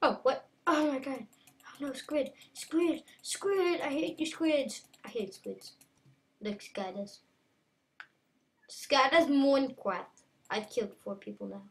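A woman giving casual, playful game commentary, excitable and taunting. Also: high-pitched, takes it slowly, distant mic. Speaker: gameplay commentator.

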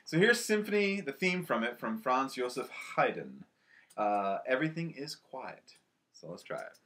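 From home, a school band director leads a band lesson in an unhurried, very animated mid-range voice with a fairly bright tone. Upbeat as he explains the music, he counts aloud to the players and calls out over the drums, with slight background noise.

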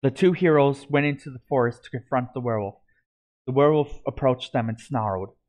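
A male storyteller reading his own fantasy story aloud, stumbling now and then and starting words over. His voice sits at a middling pitch, and the delivery is plain and unpolished. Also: a little fast, darkish tone. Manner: plain reading with frequent slips and restarts.

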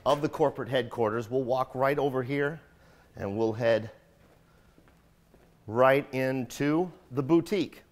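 A man's voice: medium pitch, a little slow, pauses often, no echo. A man hosting a company video show, giving a casual walking tour and joking as he goes, first outside a building and then inside a lobby and shop. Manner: upbeat, joking, loud and lively.

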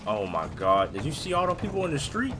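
A man hosting a gaming video, giving excited, slangy commentary while he plays, often yelping or shouting. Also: on the high side, fast talker. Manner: jokey, yelps and shouts at sudden moments, slangy. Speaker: gaming channel host. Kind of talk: excited live gameplay commentary. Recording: gunfire and game noise clearly behind.

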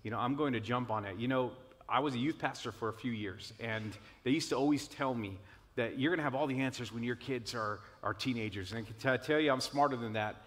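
A man, a pastor and father, speaking warmly, with many fillers like "you know.". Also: medium pitch, fast talker, long reverb tail. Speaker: pastor, parent. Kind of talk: church video conversation.

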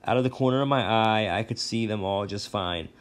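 Low-voiced male teacher reading aloud. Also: a little fast, smooth. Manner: relaxed, with brief asides and self-corrections.

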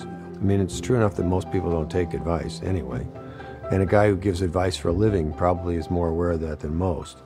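An actor playing a weary, blunt badger lawyer in an animated film. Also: male voice, sits low. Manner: blunt, plain-spoken advice.

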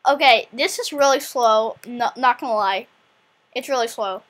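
A high, sharp-toned female voice chats casually as host while building a game. She is quick to get excitable and shriek when things work or break. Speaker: channel host.

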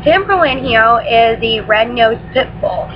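This woman speaks at a fairly high pitch, animated and a little slow, over a faint hiss or hum. She's a mother and vlogger chatting casually in a home vlog shot on her laptop webcam at night, drifting into baby talk with her dog. The webcam audio is dull and lo-fi, with music playing behind her.

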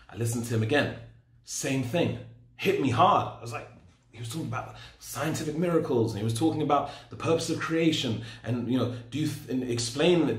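A man's voice: mid-range voice, animated, quick pace, slight background noise. A man in his forties giving a personal testimony in a storytelling, self-deprecating way. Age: 40s. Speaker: speaker sharing his story. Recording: roomy echo.

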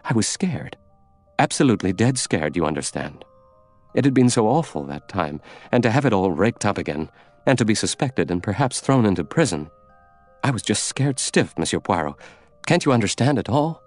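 A man's voice: sits low, unhurried, husky, soft background music, heavily acted. A man voicing an earnest, frightened young countess who pleads her case. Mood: frightened pleading.

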